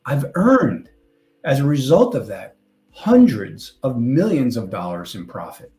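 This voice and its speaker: A man's voice: mid-range voice, very animated, measured pace, mellow. An older man with a New York accent giving a conversational conference talk, slipping in little jokes and asides. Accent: New York (Long Island). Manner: jokey, conversational presenter with asides. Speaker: conference speaker. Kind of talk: presentation talk. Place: conference hall stage. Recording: roomy hall sound.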